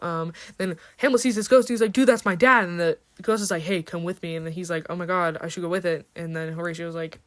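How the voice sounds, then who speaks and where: A teenage girl giving a quick, slangy, casual retelling of a play for a school assignment, slipping briefly into the characters' voices. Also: lowish voice, steady tone. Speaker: student.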